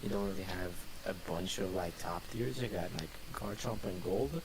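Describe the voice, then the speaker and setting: A man's voice: deep voice, normal speed, noisy background. A man co-hosting a casual chat, loose and rambling, leaning on "like" a lot. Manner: loose, filler-heavy with lots of "like". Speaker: co-host.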